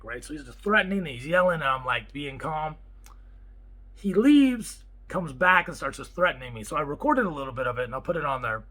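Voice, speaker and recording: A man vlogs a story in a lively, bouncing voice that climbs and drops with every turn. His tone is bright and a little husky, and he acts out each quote with excitement. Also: fairly high pitch, low-quality recording. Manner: animated, excitable retelling with acted-out quotes. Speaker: property manager. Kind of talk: casual vlog storytelling.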